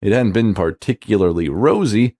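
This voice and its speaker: Low-voiced man narrating a story. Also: expressive, moderate pace, mellow, no room sound, studio quality.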